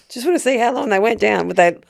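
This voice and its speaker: Fast-talking, teasing woman with gravelly edge. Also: on the high side, lively intonation, dry recording, studio quality. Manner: joking, teasing interjections. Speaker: podcast co-host. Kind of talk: casual chat.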